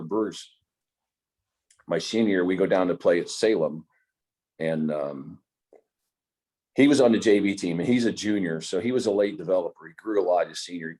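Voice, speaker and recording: A man's voice: low voice, darkish tone, slightly rough. An older man from Indiana, a guest telling rambling stories in a casual way and acting out other people's lines, talking over a video call. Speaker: interview guest. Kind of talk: casual storytelling.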